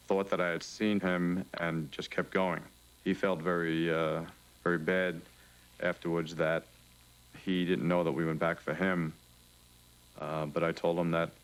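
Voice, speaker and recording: A man, a firefighter, calmly and reflectively recounting events in a documentary interview. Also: sits low, rough recording. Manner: calm, measured and reflective. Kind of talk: first-hand account in a documentary interview.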